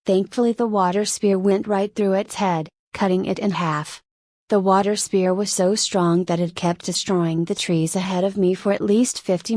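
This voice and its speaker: A woman's voice: mid-range voice, darkish tone, no room sound. A woman narrating a light novel audiobook in the first person, with plain storytelling. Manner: plain storytelling with brief voiced exclamations.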